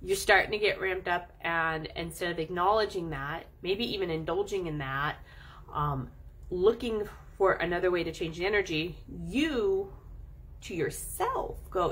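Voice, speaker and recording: Woman, middle-aged, husky voice, casual coaching talk, playful and animated. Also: lowish voice. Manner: animated, playful, drawn-out emphasis. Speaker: animal chiropractor and channel host.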